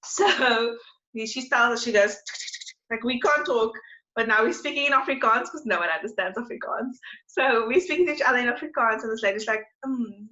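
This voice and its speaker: A woman's voice: on the high side, a little fast, sharp tone. A young woman from South Africa co-hosting a podcast, chatting casually and rambling through a story. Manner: rambling, chatty, lots of fillers. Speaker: podcast co-host. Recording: slightly dull lo-fi audio.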